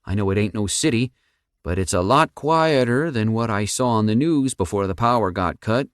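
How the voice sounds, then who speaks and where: A man's voice: fairly low pitch, animated, moderate pace, clean tone, no room sound, studio quality, pitched above the performer's own voice, lightly acted. A man voicing a big, folksy rural man with a drawling country way of talking in an audiobook. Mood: hearty. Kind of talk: audiobook character voice.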